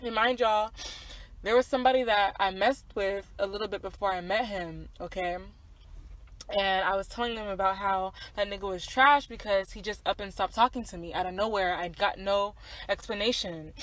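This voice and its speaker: A young woman in her twenties, talking on a podcast with an everyday pitch. She tells a personal story in loose casual chat. She swears freely, drops in lots of fillers, and turns aside to address her listeners. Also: moderate pace, fairly bright tone, low-quality recording. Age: 20s. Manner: candid, profane, many fillers and asides to listeners. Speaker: podcast co-host.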